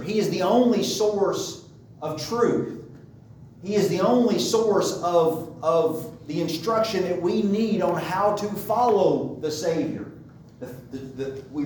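Emphatic preacher in an echoey hall. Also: male voice, high voice, darkish tone, slight background noise. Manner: emphatic, repeats key phrases. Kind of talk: sermon. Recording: very echoey room, mic far off.

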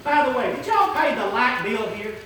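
Male preacher with a high voice. Emphatic and repetitive delivery, recorded from far off in a roomy church. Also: animated, moderate pace, sharp tone, a little hiss or hum. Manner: emphatic, repeats key phrases, jokes with the congregation. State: hot and sweating. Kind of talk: sermon. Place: large church hall. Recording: echoey hall, voice from far off.

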